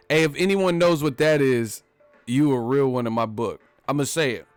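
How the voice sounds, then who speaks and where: A man's voice: medium pitch, moderate pace, clean tone, no room sound, soft background music. A man hosting a boxing vlog who rants casually in heavy street slang, cursing, repeating himself and laughing often. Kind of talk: casual profane rant.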